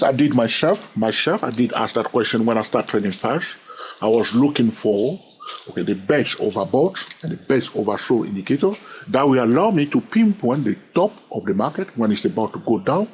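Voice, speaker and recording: Lively man teaching about trading. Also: medium pitch, breathy edge, lo-fi sound. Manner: animated, often fills pauses with "okay" and "all right"; repeats phrases while thinking aloud. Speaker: trading educator. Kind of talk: instructional talk to camera.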